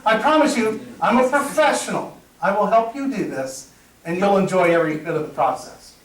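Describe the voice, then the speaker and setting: A middle-aged man with a fairly high voice runs a live training workshop. He tells lively stories and acts out the dialogue for his audience. The sound is roomy and picked up from a distance. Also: brisk. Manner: energetic storyteller, acts out dialogue, laughs at own jokes. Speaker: presentation skills trainer. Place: meeting room with audience.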